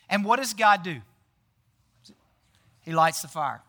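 A man's voice: extremely high pitch, lively intonation, normal speed, long pauses, sharp tone. A man giving a casual sermon, chatty and often quizzing the audience with questions. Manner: chatty, often tags lines with "right?". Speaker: pastor.

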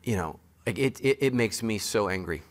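A man's voice: on the low side, expressive, moderate pace. A man preaching a sermon as pastor, speaking straight to his congregation with emphatic, joking asides.

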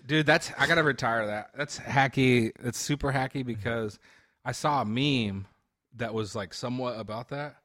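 A man's voice: mid-range voice, fairly bright tone, dry recording, clean studio sound. A man co-hosting a podcast, casually and self-critically picking apart his own joke. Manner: self-critical, quick to laugh. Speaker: podcast co-host. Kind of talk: casual chat.

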